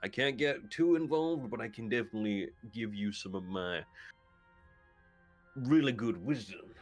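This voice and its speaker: A man's voice: mid-range voice, animated, normal speed. A swaggering celebrity adventurer, voiced by a man running a tabletop game, speaking with showy self-importance. He is lordly and theatrical, as in a game narration with light background music. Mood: grandiose. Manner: grandiose, self-satisfied delivery. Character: boastful famous male adventurer, showy and theatrical.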